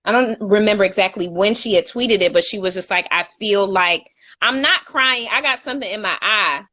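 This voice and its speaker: A woman's voice: mid-range voice, fairly quick, sharp tone. Chatty woman telling a story. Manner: chatty, self-correcting, laughs at her own slips. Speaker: co-host. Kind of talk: casual storytelling chat.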